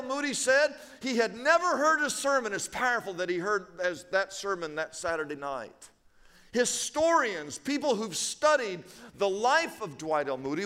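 A man's voice: high voice, a bit bright. A man preaching a sermon, telling a story with emphatic, building repetition and sounding out of breath.

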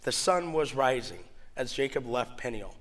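A man's voice: mid-range voice, moderate pace. A man preaching a sermon and telling a story with energy, acting out the voices in it. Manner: storytelling, animated, acts out voices. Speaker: pastor.

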